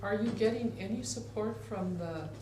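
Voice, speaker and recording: A woman's voice: mid-range voice, a little mellow. Hesitant female audience member heard off-mic in a roomy space. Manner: hesitant, halting. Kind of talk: asking a question.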